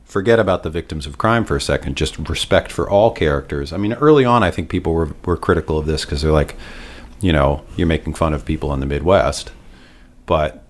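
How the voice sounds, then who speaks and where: Rich: A man with an extremely low, deep voice talks things over as a podcast co-host. He is thoughtful and unhurried in his reasoning, circling back on his words before he lands a point. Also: animated. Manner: thoughtful, hesitant, repeats words while thinking. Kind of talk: casual discussion.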